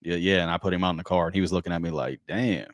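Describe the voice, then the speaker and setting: A man's voice: sits low, level tone, rapid-fire, no room sound. A man hosting a podcast, chatting casually and telling laid-back stories with plenty of swearing. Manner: laid-back, profane storytelling. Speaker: podcast host. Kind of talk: casual chat.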